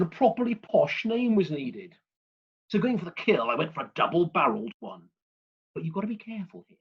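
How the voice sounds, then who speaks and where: A man giving a humorous prepared speech over a video call, in a dry, wry, deadpan way. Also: high voice, slightly rough, lo-fi sound. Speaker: club speaker.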